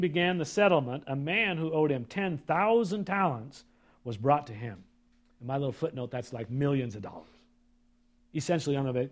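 Pastor guy preaching, reads the verses loud then drops way down for asides, kinda high voice. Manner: reads scripture aloud with asides to the congregation; swings from loud emphatic reading to low quiet remarks. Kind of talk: sermon.

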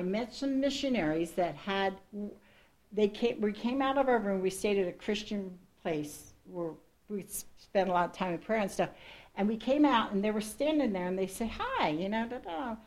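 A woman's voice: medium pitch, a little mellow. Woman missionary sharing her testimony with a church crowd, earnest and rambling, keeps restarting her sentences. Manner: rambling, with frequent restarts and asides; earnest, laughs at her own story. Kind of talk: personal testimony to a congregation.

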